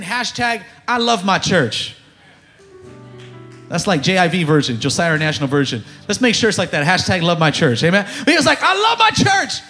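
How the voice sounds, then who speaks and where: A man preaching a sermon to his church, energetic and rising into shouts, calling to the congregation. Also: high-pitched. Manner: energetic preaching, bursts of shouting, call-and-response. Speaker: pastor. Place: church sanctuary.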